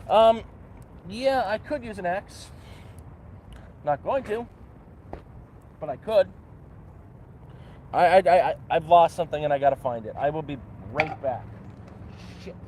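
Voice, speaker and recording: A Canadian man with a fairly high voice and a Canadian accent, chatting loosely on a livestream from an outdoor campsite. He rambles and pokes fun at himself, tossing in a playful "eh" and "bud". Faint outdoor ambience and passing traffic sit behind him. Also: animated, unhurried, pauses often, darkish tone. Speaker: livestream host. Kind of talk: casual outdoor livestream chat.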